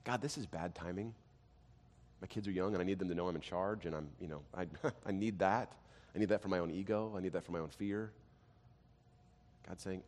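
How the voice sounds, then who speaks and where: A man in his thirties preaching a sermon, telling family stories, dropping to quiet and rising to loud. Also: low-pitched, a little fast, pauses often. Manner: animated storytelling, swings from quiet to loud. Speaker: pastor. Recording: long hall reverb.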